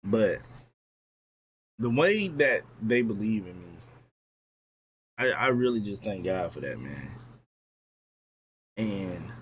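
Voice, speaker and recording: Earnest young man, lowish voice. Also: very animated, takes it slowly, pauses often, slight background noise. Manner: earnest, heartfelt, filler-heavy with "like" and "bro". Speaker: streamer. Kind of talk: casual motivational livestream chat.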